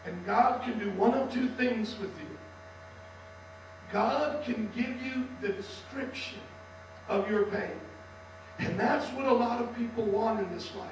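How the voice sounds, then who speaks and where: A man preaches with a high, strained voice that sounds worn. He builds to shouts for emphasis. He is heard from a distance in a very echoey hall with a faint electrical hum. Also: a little slow, highs cut off. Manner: impassioned, swings to shouting for emphasis. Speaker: pastor. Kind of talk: sermon.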